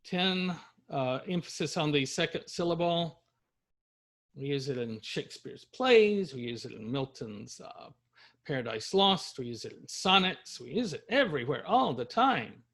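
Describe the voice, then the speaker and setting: A man's voice: on the high side, animated, measured pace, fairly bright tone. A middle-aged man from Louisiana, a university lecturer, reading verse aloud to a class and explaining it with frequent fillers.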